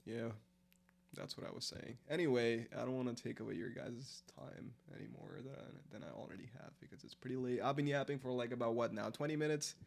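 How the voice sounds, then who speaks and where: A man's voice: medium pitch, steady tone, brisk, gravelly. A man, chatting casually and rambling through a late-night live stream, answering chat as he goes. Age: 20s. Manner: rambling, filler-heavy, answers chat aloud.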